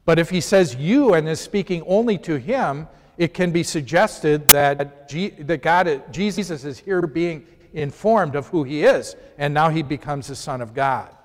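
A man's voice: fairly high pitch, measured pace, few pauses. A man leading an informal Bible lesson, talking conversationally and putting questions to his class. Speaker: Bible study teacher. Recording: long hall reverb.

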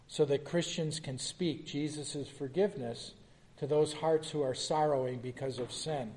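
A man's voice: on the high side, a little mellow, long reverb tail. A man teaching a Bible study, reading the scripture aloud and then putting questions to his listeners. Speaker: pastor.

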